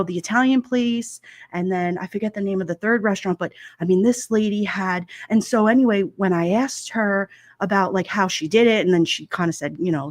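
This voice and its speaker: A woman's voice: medium pitch, dry recording, studio quality. A woman in her forties hosting a casual chat stream, rambling and chatty with plenty of fillers and laughter. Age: 40s. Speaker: livestream host.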